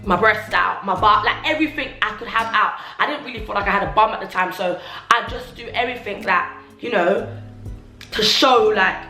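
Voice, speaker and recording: Bright chatty woman vlogger. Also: medium pitch, fairly quick. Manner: chatty, filler-heavy, acts out remembered remarks. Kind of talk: casual confessional vlog. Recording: roomy echo, faint music.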